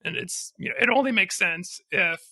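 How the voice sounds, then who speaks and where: A man's voice: high-pitched, animated, moderate pace, bright, forceful tone. A man co-hosting a theology podcast, thinking aloud with hesitant restarts and easy laughter. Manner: thoughtful, hesitant, frequent restarts, laughs easily. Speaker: podcast co-host.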